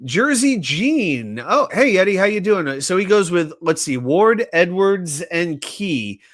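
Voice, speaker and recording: A man's voice: high-pitched, slow pace. A man hosting a casual sports talk livestream, running trivia and reading viewer comments aloud with a joking manner. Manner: animated, reads viewer chat aloud and jokes. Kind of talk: casual live-stream chat running trivia.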